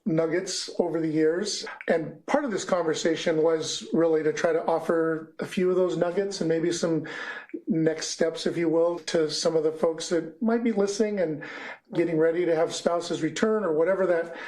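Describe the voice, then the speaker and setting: A man with a fairly high voice hosts a church talk podcast, drawing out his guests with encouraging questions. He speaks in an easy conversational way. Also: fairly even intonation, moderate pace, rough recording. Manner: warm encouraging interviewer, affirming interjections. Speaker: podcast host. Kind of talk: casual chat.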